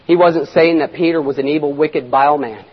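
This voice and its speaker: A man preaching a sermon in a dramatic manner, swinging between loud shouts and near-whispers. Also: fairly high pitch, a little fast, breathy edge. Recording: echoey hall, dull lo-fi sound.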